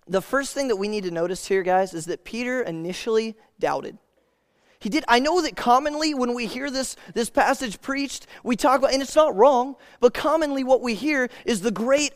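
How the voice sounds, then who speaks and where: A man preaching a sermon in a casual, conversational way, calling listeners "man" and "guys" and reading scripture aloud slowly. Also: high-pitched.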